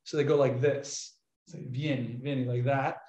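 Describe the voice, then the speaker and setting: A man, a Catholic priest, giving a casual, animated lecture and often restarting his sentences. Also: medium pitch, moderate pace, reverberant. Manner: chatty, animated, frequent restarts.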